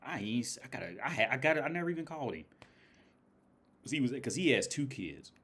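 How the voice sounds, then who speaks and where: A man's voice: mid-range voice, very animated, fast talker, fairly bright tone, husky. An American man rambling casually on a livestream, swearing a lot and laughing often. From United States. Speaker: livestream host.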